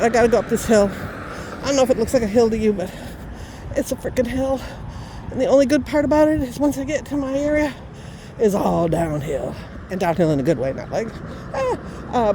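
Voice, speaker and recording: Breathless woman chatting on a walk. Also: fairly high pitch. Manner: chatty storytelling with laughs. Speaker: vlogger. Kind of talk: casual walking vlog. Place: outdoors on a street with traffic. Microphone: phone held up while walking. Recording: outdoor street noise, passing vehicles.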